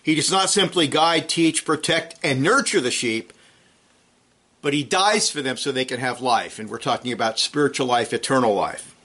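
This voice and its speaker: A man preaching an expository sermon, reading scripture and explaining Greek words in a measured way. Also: mid-range voice, pushed and bright, husky.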